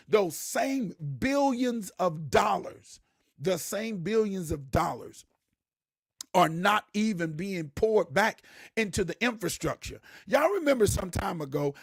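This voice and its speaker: Husky, high-voiced man preaching. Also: unhurried, no echo, clean studio sound. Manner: animated, preachy, repeats words, laughs, shouts for emphasis. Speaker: host. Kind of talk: casual live-stream talk to viewers.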